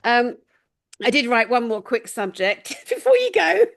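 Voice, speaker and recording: A woman hosting an interview, chatting casually and telling stories with animated exclamations and laughter. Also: fairly high pitch, a little slow, vocal fry. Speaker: host.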